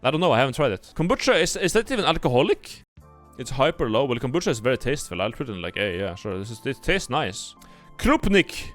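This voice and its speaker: A young male streamer whose voice swings up and down in a lively way as he thinks aloud, blunt and profane. Soft music plays faintly underneath. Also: medium pitch, fast. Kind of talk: casual livestream commentary. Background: faint background music.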